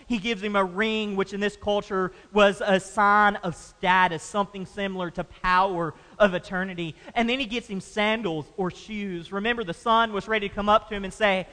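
A man's voice: high voice, fairly even intonation, normal speed, hardly any pauses, bright, forceful tone. A man preaching a sermon emphatically, with rhetorical questions to the congregation. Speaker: pastor. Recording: long hall reverb.

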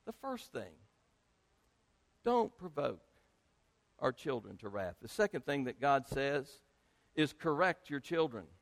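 A male pastor preaching a sermon to his congregation, speaking emphatically and rising to loud peaks. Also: on the high side. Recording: long hall reverb.

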